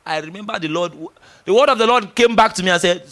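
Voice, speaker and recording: Emphatic high-voiced male preacher. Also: fast. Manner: animated, emphatic, teasing, with laughs and acted-out dialogue. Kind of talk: sermon.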